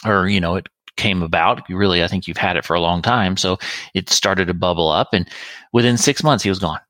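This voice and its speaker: Guy with a low voice walking through his point, dry sound. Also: a little fast, fairly bright tone, no room sound. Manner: reflective, explains step by step. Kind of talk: casual conversation.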